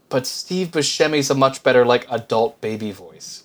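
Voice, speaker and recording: A man's voice: medium pitch, a little fast, hardly any pauses. A man co-hosting a movie review podcast, talking in a wry, joking way with plenty of fillers. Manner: wry, dry humor with frequent fillers. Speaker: podcast co-host. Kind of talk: casual movie review chat.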